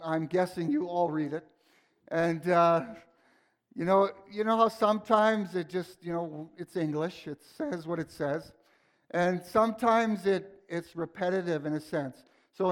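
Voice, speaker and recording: A man preaching a sermon in a church, praying and teaching with fervent, emphatic repetition. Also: high-pitched. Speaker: pastor. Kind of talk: sermon with prayer. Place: church sanctuary.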